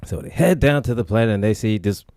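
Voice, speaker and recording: A man co-hosting a podcast, recapping casually in animated slang. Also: lowish voice, fast, vocal fry, dry recording, studio quality. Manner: animated, slangy, lots of fillers. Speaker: podcast co-host. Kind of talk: casual chat recapping an episode.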